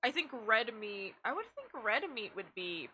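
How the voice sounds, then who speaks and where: A woman's voice: a little high, sing-song, normal speed, pushed and bright, slight background noise. A young woman streaming a game, chatting casually in a blunt, rambling way with frequent swearing. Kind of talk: casual chat while gaming.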